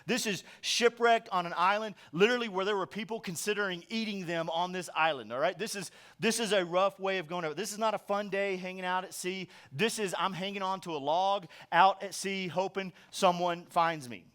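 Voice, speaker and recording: A middle-aged man delivers a sermon as pastor, with a voice that sits a little higher than most men's. He talks to the congregation in a loose, conversational way, tossing in jokes and acting out quick bits of dialogue. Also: a bit bright. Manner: conversational, joking preaching with acted-out quotes.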